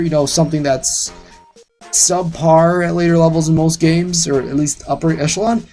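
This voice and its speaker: A man's voice: fairly high pitch, steady tone, normal speed, darkish tone, soft background music. A man hosting a let's-play, giving sarcastic, ranting commentary with casual swearing. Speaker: gaming channel host.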